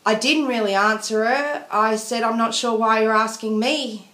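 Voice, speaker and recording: A woman's voice: a little high, steady tone, moderate pace, hardly any pauses, bright, forceful tone. A woman venting in a casual video diary, rambling and apologetic. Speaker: vlogger. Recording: echoey room.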